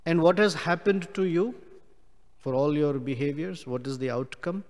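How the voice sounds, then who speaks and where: A man giving a scripture class, explaining Sanskrit words slowly with many pauses. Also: fairly high pitch, in a large hall. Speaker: class speaker.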